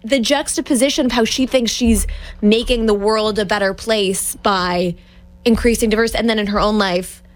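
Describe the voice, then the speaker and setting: A woman speaking as a newspaper columnist guest on a talk radio show, earnest and agreeable with some halting restarts. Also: mid-range voice, steady tone.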